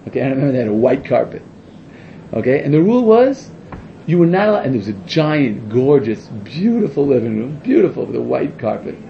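Animated, excitable male Torah teacher. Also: mid-range voice, a little fast, vocal fry, highs cut off, slight background noise. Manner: excitable, rhetorical questions, frequent self-corrections. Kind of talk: animated classroom Torah lesson.

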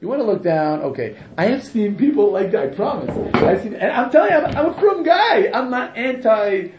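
Animated man lecturing in an echoey room. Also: high voice, brisk, background noise. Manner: animated, rhetorical, keeps asking "right?", laughs often. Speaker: religious teacher. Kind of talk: informal classroom lecture. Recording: echoey room, dull lo-fi sound.

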